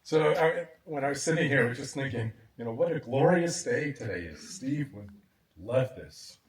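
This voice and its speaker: A man giving a warm, reflective memorial speech, chuckling now and then. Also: mid-range voice, expressive, normal speed, a little hiss or hum. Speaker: memorial speaker. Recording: echoey sound from a distant mic.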